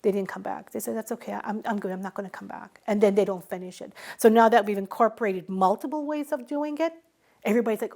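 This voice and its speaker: A middle-aged woman who teaches a traditional craft, telling stories in an unhurried conversational way and acting out the dialogue she quotes. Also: medium pitch, gravelly, darkish tone. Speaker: Mi'kmaw craft teacher and guest speaker. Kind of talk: storytelling in a recorded conversation.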